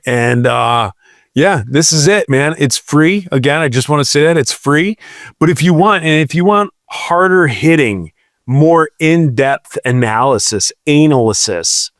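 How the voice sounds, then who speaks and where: A man's voice: fairly high pitch, lively intonation, unhurried, no echo, studio quality. A man co-hosting a casual comedic podcast, rambling and playful as he makes jokes and plugs the show. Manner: joking, rambling, playful asides. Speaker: podcast co-host.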